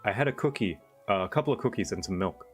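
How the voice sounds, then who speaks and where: A man's voice: on the low side, animated, fast, soft background music. A man streaming and chatting casually, explaining things in a rambling way with fillers. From Thailand. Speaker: streamer host. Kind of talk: casual chat.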